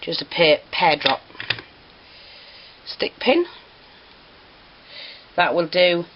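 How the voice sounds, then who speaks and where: A woman's voice: on the low side, fairly even intonation, moderate pace. A woman teaching a craft tutorial, chatty and apologetic, prone to giggling. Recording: slightly dull home recording with faint hiss.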